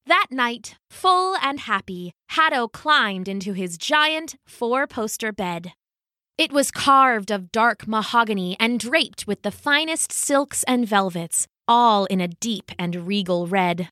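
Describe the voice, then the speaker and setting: A woman reading a children's storybook aloud in an expressive, unhurried way. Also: fairly high pitch, no room sound, studio quality. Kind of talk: storybook read-aloud narration.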